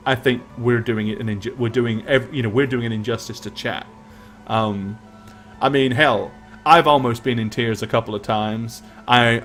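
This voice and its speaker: A man at an ordinary middle pitch looks back on a live tabletop campaign in loose, easygoing chat. He rambles and often restarts a sentence partway through. Faint music plays behind his voice. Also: a bit bright. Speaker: game master and co-host. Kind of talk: casual recap chat.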